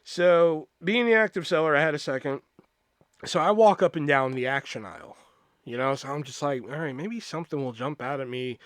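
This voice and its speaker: A man's voice: on the high side, fairly quick, dry recording, clean studio sound. A man in his thirties hosting a podcast, telling rambling comedic anecdotes with a lot of swearing. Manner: animated, profane, rambling anecdotes. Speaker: podcast host. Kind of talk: comedic storytelling.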